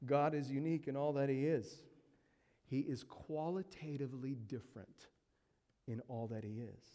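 A man preaching a sermon with emphatic delivery, dropping to hushed tones and building to loud peaks. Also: medium pitch, moderate pace, in a large hall.

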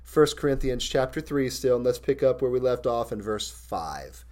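A male pastor preaching a sermon in an earnest, candid, personal way, reading scripture slowly and deliberately. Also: medium pitch, lively intonation, darkish tone.

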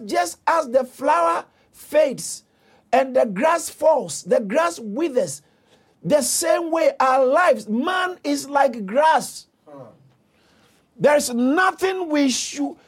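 A man preaching a sermon, impassioned and building to shouts, repeating phrases for emphasis. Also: extremely high pitch, breathy edge.

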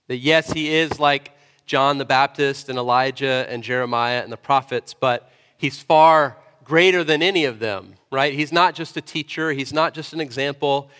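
A man's voice: medium pitch, a bit bright, big-room sound. A man preaching a sermon as pastor, earnest and conversational, often checking in with his listeners.

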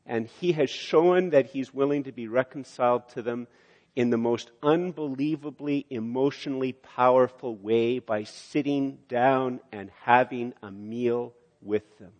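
An older man preaching a sermon, acting out quotes and rising to loud emphasis. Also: mid-range voice, unhurried, lo-fi sound. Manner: animated, rises loud for emphasis, acts out quotes. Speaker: pastor. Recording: long hall reverb.

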